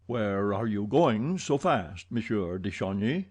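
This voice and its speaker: A mysterious older man, as a male narrator plays him, speaks slowly and gravely, weighing every word. His voice is warm and mellow, pitched near the narrator's own, in a classic audiobook reading. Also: very animated, full character voice. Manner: slow, grave, sighing.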